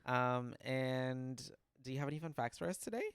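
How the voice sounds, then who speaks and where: A man's voice: mid-range voice, normal speed, clean tone, dry recording, studio quality. A man co-hosting a casual podcast, recapping at length with fillers and many "mm-hmm"s. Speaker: podcast co-host. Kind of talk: casual chat.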